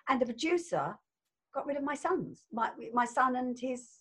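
An older actress chatting as an interview guest, effusive and laughing often, with a husky voice. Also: female voice, sits high, animated, normal speed, fairly bright tone. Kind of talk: casual interview chat.

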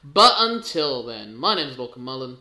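A man co-hosting a wrestling-chat podcast in casual, joking talk. His voice is bright and clear-toned. The room around him rings with echo. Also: mid-range voice, very animated, moderate pace. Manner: chatty, joking, self-deprecating. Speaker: podcast co-host. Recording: echoey room.

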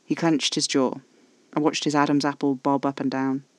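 A man's voice: fairly high pitch, flat delivery, moderate pace, dry recording. A man giving tense, intimate first-person narration of a horror audio drama.

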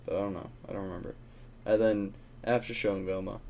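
A man's voice: on the low side, steady tone, quick pace, dark tone, slight background noise. A young man co-hosting a casual pop-culture podcast, rambling loosely and swearing offhand. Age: young adult. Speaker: podcast co-host.

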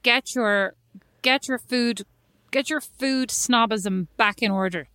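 Teasing woman, a bit high. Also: slow, sharp tone, no echo, clean studio sound. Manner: teasing, mock-indignant. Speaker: podcast co-host. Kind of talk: casual chat between sisters.

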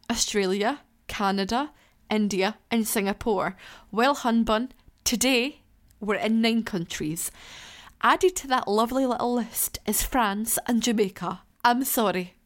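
A woman hosting her own podcast from her living room, talking in a candid, chatty way and laughing and swearing freely. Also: medium pitch. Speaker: podcast host. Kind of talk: casual solo podcast chat. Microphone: laptop beside her.

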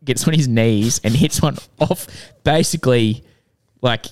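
A man's voice: medium pitch, a little slow, darkish tone. A man co-hosting a podcast, telling stories in slangy, laughing casual chat. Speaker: podcast co-host.

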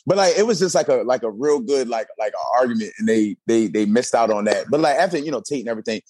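A man who is a reality dating show cast member, telling stories in an animated, casual way with lots of fillers. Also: mid-range voice, fast talker, slightly rough, no echo. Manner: animated storytelling with many fillers. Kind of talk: casual interview chat.

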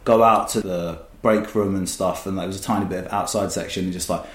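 Man, casual storyteller, rambling, filler-heavy, swears freely, lowish voice, echoey room. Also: fairly even intonation, a little fast. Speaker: guest.

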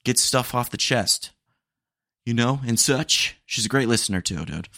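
A man's voice: medium pitch, lively intonation, moderate pace, pushed and bright, no room sound, studio quality. A young man hosting a solo podcast, talking in a candid, rambling way with casual slang and small jokes. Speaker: podcast host.

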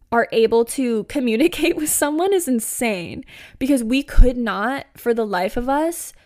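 A woman's voice: on the high side, a little mellow. A woman in her twenties hosting a podcast, chatting through a funny personal story with lots of "like" and laughs. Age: 20s. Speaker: podcast host. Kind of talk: casual storytelling.

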